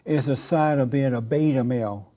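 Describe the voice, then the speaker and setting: A man's voice: mid-range voice, normal speed, dark tone. A man hosting a talk show interview, teasing and provocative, laughing often as he pushes his guests. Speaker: host.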